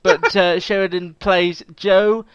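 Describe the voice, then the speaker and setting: A chatty English man with a high, smooth voice, talking through television news in a casual podcast. He laughs often and trails off mid-thought. The sound is dry and close. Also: fairly even intonation, slow, fairly bright tone, no echo, dull audio. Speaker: podcast host. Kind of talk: casual TV chat.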